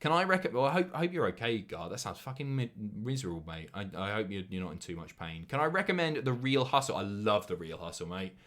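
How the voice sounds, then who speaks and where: A man's voice: fairly low pitch, sing-song, a bit bright. A young man with a Southern English accent, chatting casually and swearing freely as he reads out donation messages on a live stream. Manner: sweary, jokey, quick asides.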